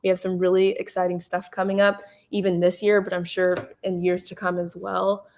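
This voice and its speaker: A woman's voice: fairly low pitch, little pitch movement, moderate pace, a little mellow, a little hiss or hum. A young adult woman giving a casual webinar talk as a support manager, explaining things with a lot of "um"s. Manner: casual, filler-heavy explaining with frequent "um". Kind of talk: webinar presentation.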